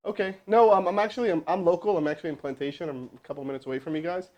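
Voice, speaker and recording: In this clip, a man with a slightly high voice talks at a racing clip, and the audio has its highs cut off. He makes a live cold sales call, then coaches his crew, speaking casually with plenty of fillers and restarts. His manner is energetic and rambling.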